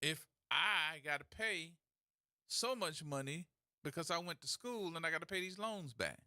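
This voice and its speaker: A man hosting a call-in radio talk show, telling stories in a folksy, animated way. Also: on the high side, moderate pace, no echo, studio quality. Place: radio studio. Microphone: studio mic.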